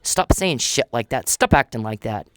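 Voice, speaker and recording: A woman's voice: extremely low pitch, expressive, moderate pace, clean tone, dry recording, studio quality. A woman delivering a blunt, profane, ranting monologue at an official. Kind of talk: angry monologue addressed to an official.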